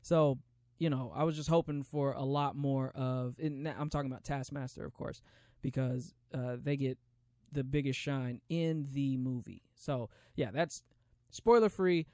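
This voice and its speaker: A man's voice: mid-range voice, a little slow, a little mellow, dry recording, studio quality. A man hosting a solo podcast, reviewing movies in a casual, rambling way with lots of restarts and slang. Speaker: podcast host.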